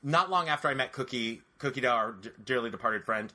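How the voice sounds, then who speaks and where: A man telling a personal story on a casual podcast, animated and profane, talking straight to his listeners. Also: medium pitch, fairly quick.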